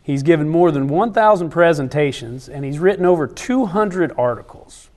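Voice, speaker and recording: A man's voice: a little high, lively intonation, normal speed, a little mellow. A man hosting a podcast who introduces his guest formally and asks him questions. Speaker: podcast host.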